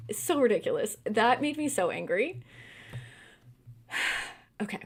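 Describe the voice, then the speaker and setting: A young woman from California hosting a casual livestream book discussion, animated and quick to laugh and get worked up. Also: a little high, husky. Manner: animated, laughs often, gets heated and incredulous. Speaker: book club host.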